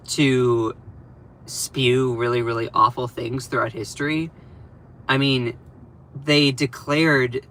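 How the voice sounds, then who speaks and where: Here the young man's pitch sits in the middle, still pushed and bright, as he hosts his casual home livestream during breakfast. He rambles along chattily, mocking himself, laughing, and starting over now and then.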